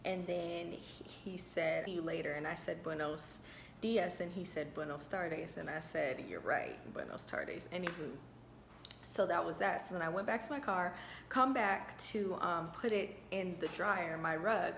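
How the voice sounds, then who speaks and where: A woman vlogging from her apartment, telling a lively story to her viewers and calling them y'all, close to the camera. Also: fairly low pitch, moderate pace, vocal fry, echoey room, slight background noise. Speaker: lifestyle vlogger. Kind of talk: chatty story-time vlog. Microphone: camera held close to face.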